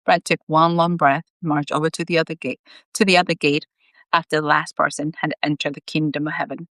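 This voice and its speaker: Brief: woman author narrating her story live, lower voice, animated, dry close mic. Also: fairly quick, dry recording. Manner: expressive, emotional, chatty asides. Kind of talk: reading her own story aloud. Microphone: live video stream.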